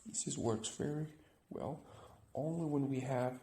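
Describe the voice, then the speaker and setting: A man's voice: medium pitch, unhurried, warm tone, echoey room. A man teaching an English grammar lesson, explaining step by step and often checking with "right?".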